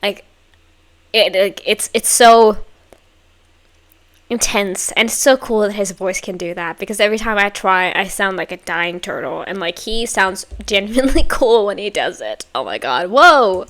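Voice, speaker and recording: A woman's voice: mid-range voice, lively intonation, moderate pace, a bit bright. A young woman hosting a music reaction, gushing with exclamations and chatty fillers. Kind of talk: casual reaction commentary. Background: faint music playing.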